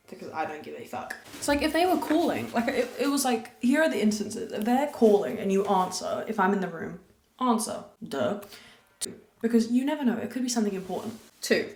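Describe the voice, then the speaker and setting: A young woman hosting her podcast, chatting candidly and rambling with crude jokes, talking softly. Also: mid-range voice. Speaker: podcast host. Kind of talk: casual confessional chat. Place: room at a farm. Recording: echoey room.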